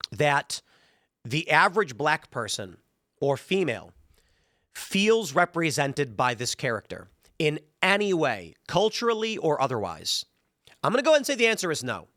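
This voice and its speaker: A man's voice: fairly high pitch, sharp tone, no room sound, clean studio sound. A man from Chicago hosting a show, giving an opinionated commentary monologue in an emphatic way and repeating words when fired up. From Chicago, United States. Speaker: show host.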